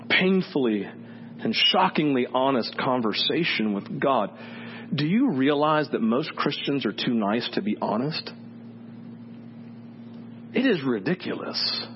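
A man preaching a sermon in an animated, joking way, acting out the voices of people he quotes. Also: fairly high pitch. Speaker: pastor. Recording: dull sound with faint hum.

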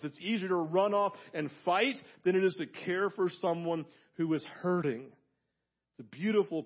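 Male pastor, higher voice, fervent sermon delivery, muffled recording. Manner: emphatic, swings between loud fervor and hushed asides.

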